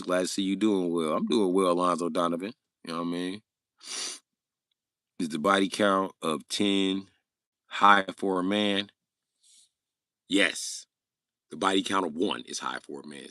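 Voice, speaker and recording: A man hosting a casual livestream rant, answering chat comments loudly, swearing and joking. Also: deep voice, no echo, clean studio sound. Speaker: livestream host.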